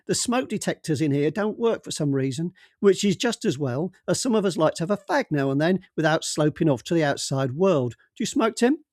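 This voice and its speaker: A brusque, jovial middle-aged police boss, voiced by a man in an audiobook, booming out orders and brushing aside interruptions. His voice sits fairly high and is raised well above plain talk. The sound is dry and close. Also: animated, brisk, few pauses, dry recording, natural voice. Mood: bluff, bossy. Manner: loud, bluff and bossy, cuts others off. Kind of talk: audiobook character voice.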